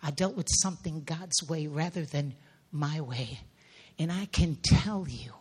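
A woman's voice: sits low, measured pace, slight background noise. A middle-aged woman preacher giving an emotional sermon testimony, intense and often sinking to near whispers.

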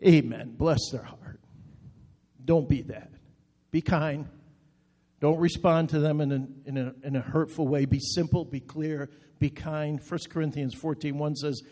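A man's voice: on the high side, a little slow, long pauses, mellow. A man preaching a sermon as pastor, making earnest, direct appeals in short repeated phrases. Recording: long reverb.

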